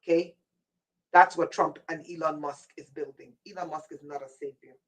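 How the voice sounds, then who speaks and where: A woman's voice: low voice, steady tone, moderate pace, distant mic, poor audio. A woman hosting a livestream, delivering a rambling, intense monologue in a warning tone and answering viewers' chat comments by name. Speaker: livestream host.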